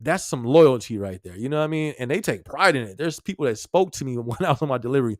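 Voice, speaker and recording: Male podcast host, casual and slangy, mid-pitched voice, dry close recording. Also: animated, quick pace, a little mellow, no echo. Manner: laid-back, chuckles often, slangy. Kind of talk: casual live-stream chat.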